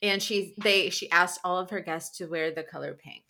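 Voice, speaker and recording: A woman co-hosting a podcast in casual, playful chat, chatty and quick to laugh. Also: lowish voice, pushed and bright, a little hiss or hum. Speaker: podcast co-host.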